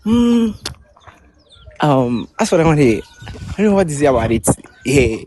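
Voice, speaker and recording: A man's voice: a little high, very animated, normal speed, a little mellow, a little hiss or hum. A man in his twenties with a Ghanaian accent, calling in from outdoors, hesitant and agreeable, often answering with yeah. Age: 20s. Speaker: caller.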